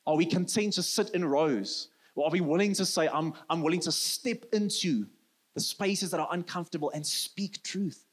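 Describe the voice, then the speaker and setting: A South African man in his thirties, a native Afrikaans speaker, preaching a sermon in an earnest way and often dropping to a soft, low voice for emphasis. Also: moderate pace, slightly rough. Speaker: pastor.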